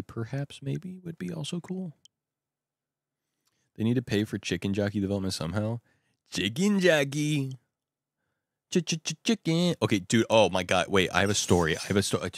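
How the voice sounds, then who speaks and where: A young man rambling excitably in casual chat at home at night. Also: on the low side, brisk, creaky, no echo, clean studio sound. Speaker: vlogger.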